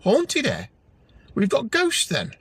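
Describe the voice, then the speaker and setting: A man's voice: high-pitched, wildly swooping pitch, slow pace, a bit bright, breathy edge, pitched above the performer's own voice, exaggerated voice. A man voicing a boisterous, cheeky male pub regular who mocks strangers. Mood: teasing. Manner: mocking, boisterous.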